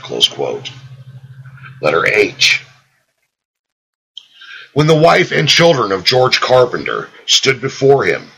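A man reading an old devotional book aloud in a slow, solemn way, lifting his voice on the quoted sayings. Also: on the low side, husky, poor audio. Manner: slow, solemn reading with lively rises on quotations; reads out "quote" and "close quote" markers. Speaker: audiobook reader.

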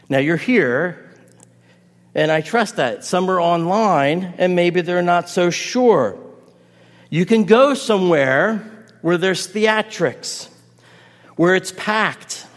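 High-voiced man preaching in a reverberant church. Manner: builds to emphatic repeated exhortations, drops soft for prayer. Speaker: pastor. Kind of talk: sermon. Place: church sanctuary.

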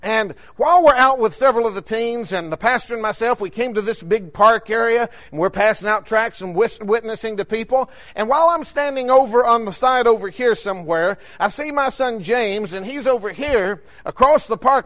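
A man delivers a sermon from the pulpit, recounting a story with emphatic, rhythmic phrasing. His speaking voice sits unusually high for a man. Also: a bit bright. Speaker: preacher.

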